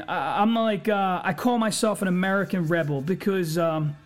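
A man speaks in a high, fired-up voice, swearing constantly as he delivers a blunt motivational monologue. Faint music runs underneath his talk. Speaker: podcast host. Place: home recording setup.

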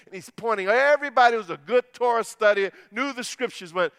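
Middle-aged pastor guy preaching, high bright voice, dips quiet then gets loud and punchy. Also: brisk, hardly any pauses, smooth, dry recording, clean studio sound. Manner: storytelling, swings from hushed to emphatic. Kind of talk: sermon.

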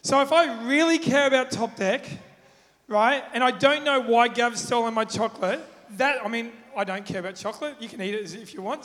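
A man's voice: extremely high pitch, fairly bright tone. A man preaching in a casual, conversational way, asking the audience questions and acting out everyday examples. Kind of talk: sermon. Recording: long reverb in a hall.

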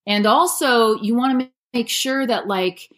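A woman's voice: fairly high pitch, measured pace, fairly bright tone. A woman in her thirties, an audiobook narrator, answering interview questions in a chatty way with many "like" fillers.

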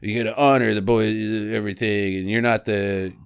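A man's voice: fairly low pitch, fairly even intonation, a little fast, smooth, no room sound, studio quality. A man co-hosting a casual movie review podcast, sarcastic, recapping scenes and jumping into quoted voices. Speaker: podcast co-host.

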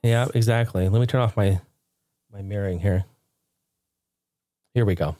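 On his own podcast, a man with a lowish voice and moderate pace chats casually and tells stories, laughing often in an animated way. The studio sound is clean with no echo.

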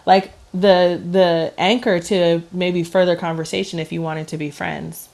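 A woman's voice: on the low side, steady tone, a little slow, gravelly, darkish tone. A woman co-hosting a casual chat, giving laid-back advice and laughing easily. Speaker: podcast co-host.

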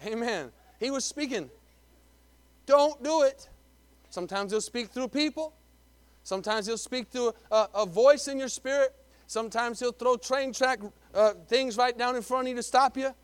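A man preaching from the pulpit. His voice sits very high for a man, and he swings between loud, punchy lines and quiet, hushed asides, often repeating words as he builds his point. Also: normal speed, clear, resonant tone, dry recording. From Texas. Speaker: pastor. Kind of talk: sermon.

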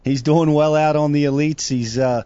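A man's voice: fairly high pitch, steady tone, moderate pace, warm tone, clear, resonant tone, no room sound. A male co-host talking upbeat, turning to address sponsors. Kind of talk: casual radio chat. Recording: slightly dull audio.

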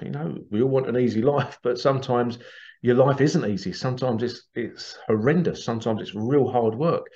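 A man's voice: medium pitch, darkish tone, lo-fi sound. A man hosting a spiritual podcast, talking in a rambling, opinionated way and acting out quoted people. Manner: rambling, opinionated, acts out quotes in little voices. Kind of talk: casual monologue.

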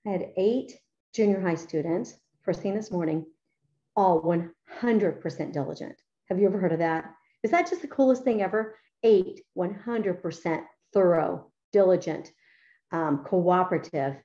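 A woman's voice: on the low side, normal speed, dark tone, highs cut off. A middle-aged woman teacher explaining how she edits student papers, chatty and enthusiastic with many fillers. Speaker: writing teacher. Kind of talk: explaining her paper-editing method.

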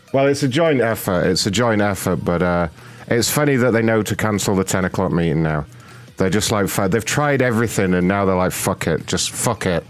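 A man with a lowish voice hosts a prank call stream, talking casually, cursing often and laughing between jokes. He speaks into a desk mic, with faint music playing under his voice. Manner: profane, laughing, joking. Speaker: host of a prank call show. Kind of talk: casual livestream chat.

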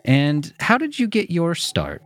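His pitch is on the high side and swoops wildly, though his pace is unhurried. He's an American man hosting a casual podcast, talking in a relaxed, enthusiastic way into a studio microphone.

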